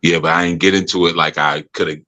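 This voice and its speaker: The host of a spiritual podcast spins casual, slangy stories and laughs a lot. His low voice stays steady in tone yet moves fast, bright and forceful, though the audio itself sounds dull.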